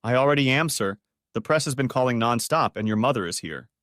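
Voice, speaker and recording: A man voicing a loyal young female personal assistant who speaks briskly and dutifully. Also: medium pitch, animated, fairly bright tone, no echo, clean studio sound, lightly acted.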